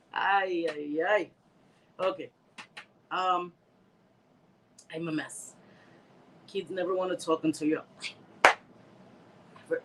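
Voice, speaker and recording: A woman's voice: low-pitched, a bit bright, slight background noise, low-quality recording. A middle-aged woman hosting a casual livestream from home on a close phone mic, laughing often, reading comments aloud and dropping in Spanish words. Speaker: livestream host.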